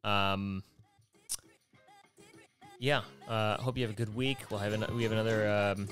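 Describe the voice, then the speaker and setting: A man's voice: lowish voice, steady tone, a little slow, a bit bright, faint music behind. A man hosting a podcast, telling a rambling comic story as a profane, exasperated rant. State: worked up and tired by the end. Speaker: podcast host. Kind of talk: rambling comedic monologue.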